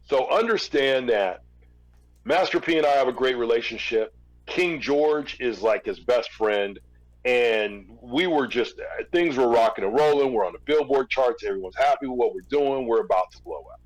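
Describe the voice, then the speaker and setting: A man's voice: medium pitch, expressive, moderate pace, rough recording. Man telling a rambling story. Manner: rambling anecdotal telling with fillers and restarts. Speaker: guest, former record label executive. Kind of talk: casual storytelling interview.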